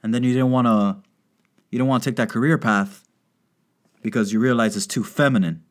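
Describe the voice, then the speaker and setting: A man's voice: mid-range voice, a little fast. A man doing a crude, rambling stand-up comedy monologue, riffing and slipping into put-on voices. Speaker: stand-up comic. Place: Miami.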